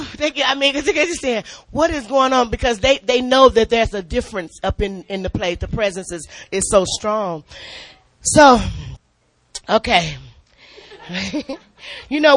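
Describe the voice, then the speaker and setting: A middle-aged woman preaching in a spirited, testimony-filled way, her voice forceful and bright. She talks with animated swings, laughs often and stumbles into repeated words as she builds up. Recorded close and dry, with no room sound. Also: fairly high pitch, dry recording. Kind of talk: spirited church testimony and sermon.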